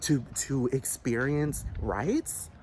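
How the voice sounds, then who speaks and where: A man's voice: medium pitch, sing-song, takes it slowly, a little mellow, a little hiss or hum. A man delivering a heated, profane rant, repeating himself and asking again and again if the listener understands. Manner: agitated, repetitive, profane, keeps asking "do you understand". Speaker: vlogger.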